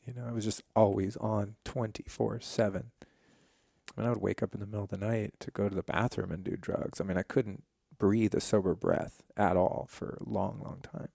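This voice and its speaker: A man's voice: on the low side, gravelly, no room sound, studio quality. A man in his forties, a podcast guest, candidly telling a personal story in a casual, profane way. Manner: candid, profane, animated retelling.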